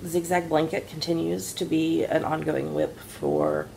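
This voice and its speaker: Lady co-host, chatty and rambly, low and a bit gravelly. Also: sing-song, a little slow, mellow, slight background noise. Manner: chatty, rambling storyteller with many fillers. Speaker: podcast co-host, mother. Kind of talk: casual chat about knitting.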